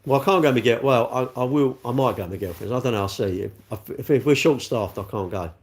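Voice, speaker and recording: A man's voice: mid-range voice, a little fast, darkish tone. A middle-aged man chatting bluntly on a livestream, reading out comments and mocking himself. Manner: chatty, blunt, self-mocking, laughs often. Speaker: livestream host, car dealer.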